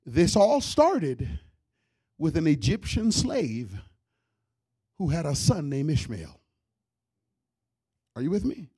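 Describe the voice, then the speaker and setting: A man preaching a sermon, retelling a story with lively shouts, character voices and soft asides. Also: a little high, breathy edge. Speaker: pastor.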